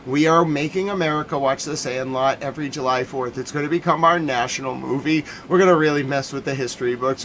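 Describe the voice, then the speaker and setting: A man's voice: mid-range voice, quick pace, few pauses, fairly bright tone, slight background noise. A man hosting a livestream, riffing in a casual, joking monologue and laughing at his own ideas. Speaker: host of a nightly news recap stream.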